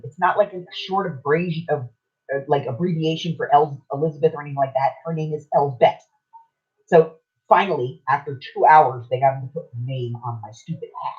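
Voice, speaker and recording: An older woman casually telling a long anecdote on a talk show, chatty and lively, slipping into other people's voices as she quotes them. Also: low-pitched, normal speed, long pauses, dull audio. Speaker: podcast co-host. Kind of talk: casual storytelling.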